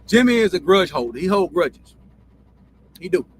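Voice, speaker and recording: A man's voice: sits high, big pitch swings, moderate pace, a little hiss or hum. A man hosting a sports talk show, telling a story in a profane, repetitive, heated rant. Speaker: host. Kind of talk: ranting sports commentary.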